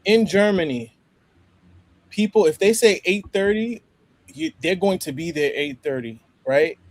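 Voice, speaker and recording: American man, slightly high voice, animated casual podcast talk with lots of restarts. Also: measured pace. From United States. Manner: animated, laughs often, many restarts.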